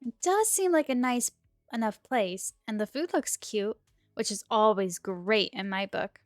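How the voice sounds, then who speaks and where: A woman streamer with a sore throat reads a dating game aloud during a casual playthrough, breaking off for giggly, chatty asides. Her medium-pitched voice is unhurried, the recording dry and clean like a studio, with faint game music behind her.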